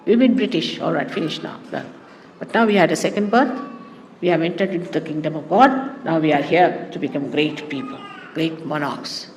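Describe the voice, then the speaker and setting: A woman's voice: sits low, normal speed, a little mellow. Woman telling stories in an echoey hall. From India. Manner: anecdotal, digressive storytelling with asides. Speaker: spiritual teacher. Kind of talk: spoken talk to followers. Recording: echoey hall with faint background noise.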